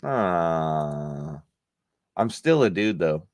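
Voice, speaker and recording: Deep-voiced laid-back male co-host. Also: very animated, drawn-out words, no room sound, clean studio sound. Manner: laid-back, laughs easily, short jokey replies. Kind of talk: casual live-stream chat.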